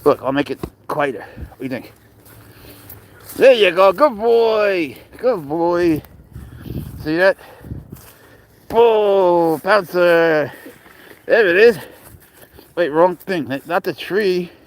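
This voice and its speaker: A man's voice: high-pitched, expressive, slow, pauses often, slight background noise. A young man from Spain, outdoors, coaxing and cheering on his cat in a playful way. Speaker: pet owner filming his cat. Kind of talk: casual talk to a pet.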